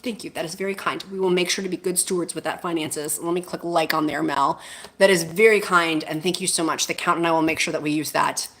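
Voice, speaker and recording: A woman's voice: sits low, steady tone, quick pace, fairly bright tone. A woman hosting a casual livestream, gushing and effusive as she greets viewers and reads their comments aloud. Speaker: livestream host.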